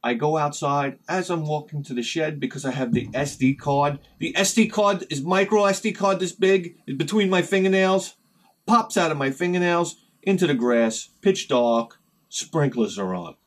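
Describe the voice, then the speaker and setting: This man hosts a retro game channel, speaking on the high side at a moderate pace. In a casual vlog he meanders through a tale, sharply acting out both sides of each exchange in lively bursts.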